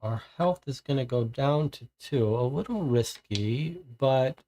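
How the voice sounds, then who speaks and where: A man playing a solo board game on stream, narrating the cards and then deliberating out loud. His voice sits at an average pitch, and he talks his choices through to himself. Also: animated, a little slow. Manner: deliberating, muttering options to himself. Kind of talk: reading card text and thinking aloud during solo play.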